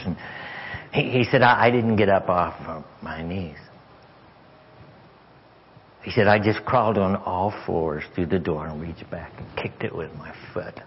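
Deep husky preacher, dull church audio. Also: male voice, moderate pace. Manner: stammering repeats, drops to hushed whisper at tender moments. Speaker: guest preacher. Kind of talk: sermon storytelling. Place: church sanctuary.

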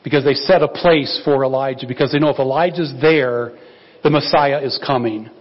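A male pastor preaching a conversational sermon, lively and acting out dialogue from scripture. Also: mid-range voice, normal speed, dull audio. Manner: animated, acts out biblical dialogue in quoted voices.

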